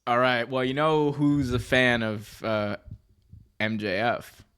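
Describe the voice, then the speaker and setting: Animated man chatting about wrestling. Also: medium pitch, takes it slowly, clean tone. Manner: animated, jokey, puts on mock accents. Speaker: podcast co-host. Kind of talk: casual wrestling preview chat.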